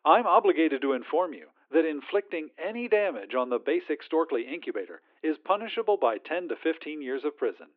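Man voicing a syrupy corporate phone agent over a tinny phone line, lilting and bright-pitched. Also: very animated, fairly quick, few pauses. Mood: sweetly insistent. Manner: syrupy customer-service politeness. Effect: phone filter.

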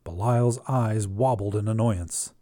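A man narrating a short story and hosting a fiction podcast in an expressive storytelling delivery. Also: on the low side, measured pace, a little hiss or hum.

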